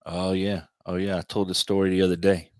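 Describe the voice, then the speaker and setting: A man's voice: sits low, flat delivery, a little fast, no room sound, clean studio sound. A man hosting a podcast, laid-back and casual, laughing easily. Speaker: podcast host. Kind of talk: casual chat.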